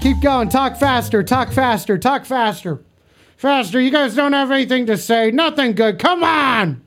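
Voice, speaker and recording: A man's voice: very high voice, animated, normal speed, fairly bright tone, faint music behind. A man livestreaming, bantering crudely and teasingly with his chat in a casual way.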